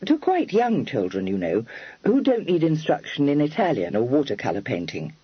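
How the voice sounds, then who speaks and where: A man voicing a spirited, earnest young woman who speaks in a high, lilting voice with prim, formal phrasing. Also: wildly swooping pitch, normal speed, breathy edge, dry recording, dull audio.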